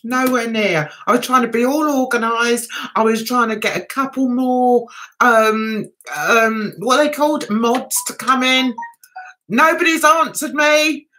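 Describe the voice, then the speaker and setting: A British woman chatting on a livestream in a high, bright voice. She sounds giggly and a little flustered, unhurried but full of ups and downs. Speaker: livestream host. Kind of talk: casual livestream chat.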